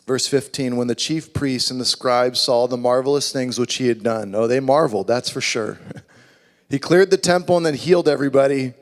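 A man preaching a sermon as a pastor, animated, acting out voices in his story. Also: medium pitch, moderate pace. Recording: long reverb of a large hall.

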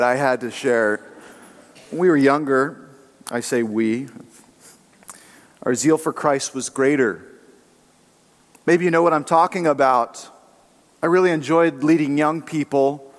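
A man preaching a sermon as pastor, telling jokes and acting out the voices in his stories. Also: a little high. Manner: jokey storytelling preacher, acts out quoted voices. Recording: long hall reverb.

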